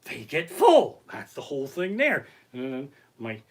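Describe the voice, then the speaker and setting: A male comedian telling profane, animated stories on a live stream from his living room. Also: mid-range voice, unhurried. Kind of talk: stand-up storytelling on a live stream. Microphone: basic home setup.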